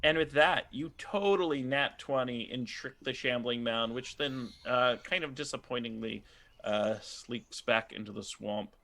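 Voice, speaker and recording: A man with a bright, forceful voice runs a tabletop game as game master. His narration is loose and rambling, full of ums and uhs. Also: mid-range voice, a little slow, creaky.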